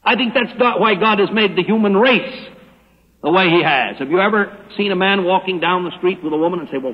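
A man pastor giving a radio Bible teaching sermon, preaching emphatically with slow, dramatic stressed phrases. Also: sits high, husky. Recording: muffled old radio broadcast with long reverb.

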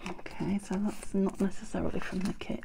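A woman from the UK chatting casually as she works on a craft project, dropping into soft murmurs as she works. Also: mid-range voice, flat delivery, a little fast, vocal fry, slight background noise. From United Kingdom. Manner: chatty, self-mocking, drops into soft murmurs while working. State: slightly out of breath from heat. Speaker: craft vlogger. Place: home craft room with door shut.

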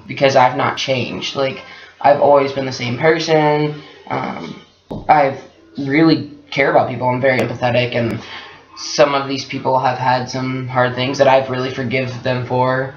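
Candid young man in an echoey room. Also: medium pitch. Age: 20s. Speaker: guest partner. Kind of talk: casual personal storytelling. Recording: echoey room, dull lo-fi sound.

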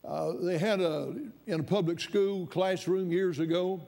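A man preaches from the pulpit in a high voice. He tells his story at an easy pace, then climbs to fervent, ringing emphasis. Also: fairly even intonation, a little slow, vocal fry, warm tone. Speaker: pastor. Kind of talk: sermon storytelling.

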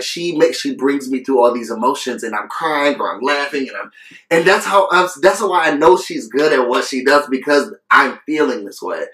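A man's voice: mid-range voice, bright, forceful tone. Earnest man reviewing in an echoey room. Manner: earnest, coughing between phrases; passionate, repeats phrases. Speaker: video reviewer. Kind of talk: casual vlog review.

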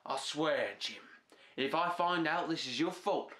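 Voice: mid-range voice, unhurried, fairly bright tone, reverberant, lightly acted. A performer playing a menacing boss who makes blustery threats over the phone. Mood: threatening.

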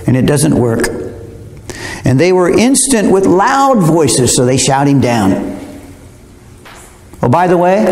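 A man's voice: a little high, a little mellow. Guy preaching verse by verse, talks right to the folks, kinda rambly, roomy echo all around. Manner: conversational, digressive, addresses listeners directly. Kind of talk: verse-by-verse Bible sermon. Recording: roomy hall reverb.

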